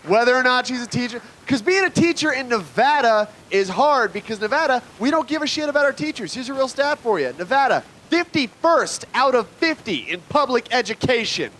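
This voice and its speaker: A man's voice: very high-pitched, big pitch swings, fairly quick, few pauses, a bit bright, slight background noise, low-quality recording. A man doing a live stand-up set on a club stage, brash and riffing with the crowd. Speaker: stand-up comedian.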